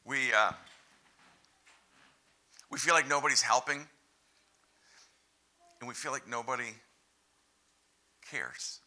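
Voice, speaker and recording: A male pastor delivers a conversational sermon and speaks to the congregation with direct questions. His voice is very bright and forceful. He keeps an unhurried pace. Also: mid-range voice.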